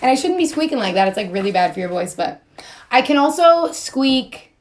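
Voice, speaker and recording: A young woman with a slightly high voice chats casually through a live stream while doing her makeup. She rambles and goofs around, slips into sing-song phrasing and laughs often. Her voice sounds a little strained. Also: sing-song, fast talker, heavy background noise. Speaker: model and influencer.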